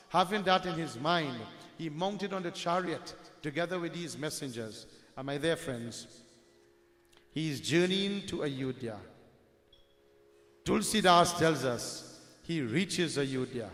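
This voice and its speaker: In a hall whose echo lingers, a man preaches a devotional story, speaking unhurriedly in a slightly high, animated, somewhat bright voice. He is a religious storyteller who calls those listening his dear friends and weaves Hindi devotional words into his speech.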